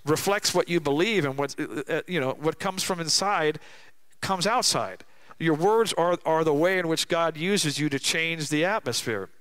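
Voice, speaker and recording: A middle-aged man delivers a sermon in a church, his voice sitting a little higher than most men's. He preaches with emphasis and drops into slow, deliberate phrasing to drive home his main points. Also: a bit bright. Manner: emphatic preaching, slows down to stress key lines. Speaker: guest speaker.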